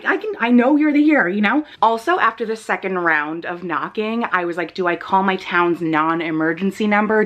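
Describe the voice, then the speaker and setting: A young woman recounting a fright straight to camera in a casual vlog. She talks in an animated, shaken way, swearing often and leaning on fillers. Her voice sits at an ordinary middle pitch for a woman. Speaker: vlogger.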